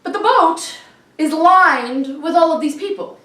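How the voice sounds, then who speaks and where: A high-voiced woman performs a comic story on stage, her pitch leaping all over as she voices everyone in it and laughs along. The echoey room and the mic some way off leave faint ambience behind her. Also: unhurried, recorded from a distance. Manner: animated, laughing often, voices the people and creatures in her story. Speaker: comedic storyteller. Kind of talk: solo storytelling show. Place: live performance venue.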